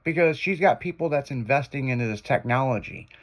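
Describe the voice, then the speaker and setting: A man's voice: medium pitch, expressive, fairly quick. A man hosting a radio show, telling loose, profane stories in casual chat. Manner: rambling, profane, loose storyteller.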